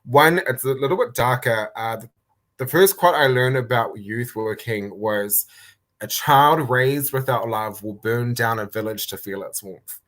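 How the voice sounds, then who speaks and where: Young NZ-man, guest on a video call, lively storyteller who acts out the quotes. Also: mid-range voice, unhurried. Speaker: guest, youth worker. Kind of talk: casual chat. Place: indoors, a room.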